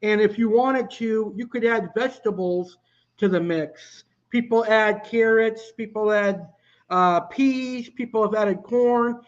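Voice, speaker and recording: A man's voice: high-pitched, a little slow, muffled recording. A man hosting a live cooking stream, chatting casually and answering viewer comments. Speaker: live cooking show host.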